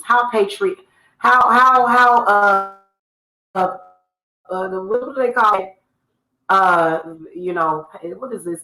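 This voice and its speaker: A woman rants straight into the camera, scolding the people she calls out by name. Her voice is bright and a bit sharp, and it rings in a reverberant room. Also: mid-range voice. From United States. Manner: heated, scolding, addresses people directly. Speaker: spiritual reader and channel host. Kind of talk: ranting monologue to camera. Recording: echoey room.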